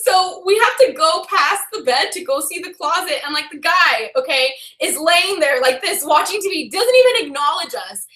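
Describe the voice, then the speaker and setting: A woman vlogger telling a story casually, her voice high and bright. She scatters "like" through every sentence and laughs easily. The sound bounces around an echoey room. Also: lively intonation, moderate pace, hardly any pauses.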